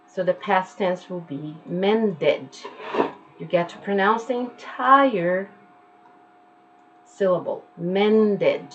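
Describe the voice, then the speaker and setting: Unhurried woman teacher drilling pronunciation from home, patient and repetitive, slightly muffled home recording. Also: fairly low pitch, a bit bright, slight background noise. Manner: slow, patient, repeats words to demonstrate sounds. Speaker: English teacher. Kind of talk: online pronunciation lesson.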